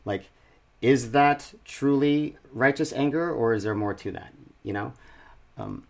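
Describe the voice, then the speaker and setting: A man of ordinary middle pitch, co-hosting a relaxed conversation podcast. He thinks aloud, stops and restarts his sentences, and circles back while he looks for the right word. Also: gravelly. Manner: halting, searching for words with many restarts. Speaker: podcast co-host. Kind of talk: casual conversation.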